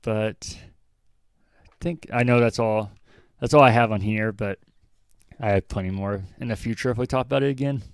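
Low, smooth-voiced man hosting a podcast. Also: normal speed, pauses often, no room sound. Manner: rambling, self-deprecating, thinks aloud. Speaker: podcast host. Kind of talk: casual chat.

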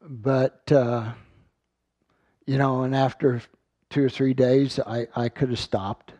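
Man, sermon with scripture reading, earnest, repeats words, slow delivery, mellow tone. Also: mid-range voice, flat delivery, no echo, lo-fi sound. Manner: earnest, repeats words while finding his thought. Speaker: Bible teacher.

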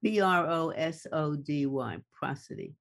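A guest speaker in a conversation who talks at an unhurried, drawn-out pace. The delivery is measured and deliberate. Key words are repeated for emphasis. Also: mid-range voice, vocal fry, a bit bright. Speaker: guest expert on attachment. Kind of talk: slow, deliberate explaining in conversation.

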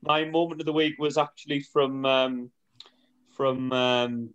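A man's voice: mid-range voice, fairly even intonation, unhurried, fairly bright tone, highs cut off. A man co-hosting a football podcast, rambling through a funny anecdote with lots of fillers. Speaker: podcast co-host. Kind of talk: casual chat.

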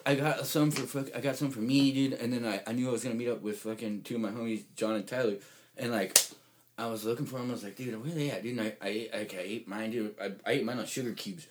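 A man telling a rambling, profane story in casual chat, saying "dude" constantly and getting loud when excited. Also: medium pitch, fast, a little hiss or hum.

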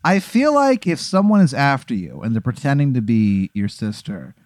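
A man hosting a podcast in casual comedic chat, playful and quick to laugh, answering as if he were inside the story. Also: mid-range voice, very animated, a little mellow, dry recording, clean studio sound. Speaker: podcast host, comedy club owner.

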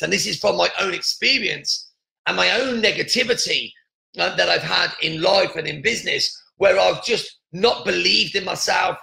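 High, bright-voiced man with a gravelly edge. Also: normal speed, roomy sound, poor audio. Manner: earnest, repetitive, many restarts. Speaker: podcast host. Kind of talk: motivational podcast monologue.

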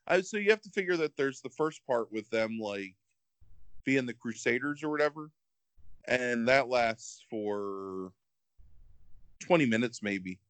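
A man co-hosting a podcast in casual chat, rambling and animated, filling with "like". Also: mid-range voice, unhurried, pauses often, clear, resonant tone, no echo.

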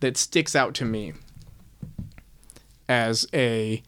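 A man's voice: mid-range voice, very slow, fairly bright tone, slight background noise. A man co-hosting a casual book-discussion chat, talking in a thoughtful, self-questioning way. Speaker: podcast co-host.

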